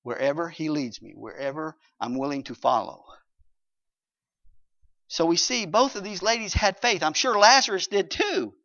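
A man preaching a sermon with emphasis, swinging between loud passages and hushed ones and reading scripture aloud. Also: fairly high pitch, animated, normal speed, gravelly. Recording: dull lo-fi recording.

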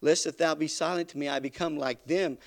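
A man delivers a sermon in a somewhat high voice with a gravelly edge. He swells from quiet, almost hushed lines to loud, climbing emphasis, then drops back down again. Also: fairly even intonation, brisk. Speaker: preacher.

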